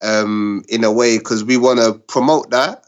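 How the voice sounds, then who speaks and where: Earnest, halting man, lowish voice. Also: fairly even intonation, lo-fi sound. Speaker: restaurant co-owner, guest. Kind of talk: conversational interview answer.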